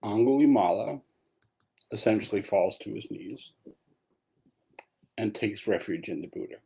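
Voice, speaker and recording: A man's voice: fairly low pitch, vocal fry, mellow, husky. A man giving a dharma talk as a meditation teacher, telling a story in a casual way with asides.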